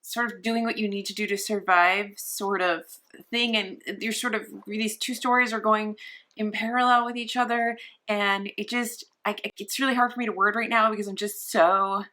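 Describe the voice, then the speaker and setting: A woman's voice: medium pitch, fairly even intonation, moderate pace, pushed and bright. A young woman vlogging casually from her sofa at home, rambling and gushing with many restarts. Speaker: book vlogger. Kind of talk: casual vlog chat.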